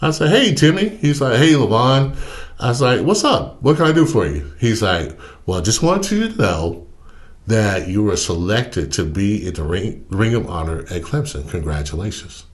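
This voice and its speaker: A man's voice: low voice, normal speed. A middle-aged man, a former pro football player, telling stories in a casual interview and acting out the other voices in them. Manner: animated storyteller who acts out the other voices in his stories.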